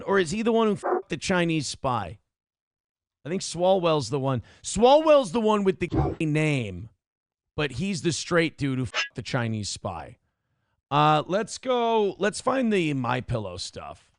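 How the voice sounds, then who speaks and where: A man's voice: on the high side, no echo, studio quality. A man in his thirties hosting a live stream from home, reading chat aloud and mocking a commenter in profane banter.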